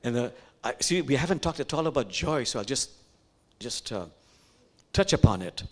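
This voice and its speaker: Male imam preaching, lively rising and falling voice, reflective with whispered asides. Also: mid-range voice. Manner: reflective, slow with pauses, drops to whispers. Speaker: imam giving a sermon. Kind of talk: sermon.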